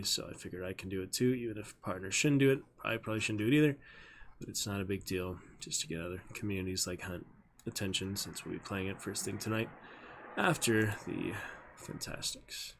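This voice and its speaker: A man's voice: on the low side, fairly even intonation, fairly quick, slight background noise. A man streaming casually as he learns his stage lines, thinking aloud and repeating the script again and again. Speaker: streamer and community theater actor.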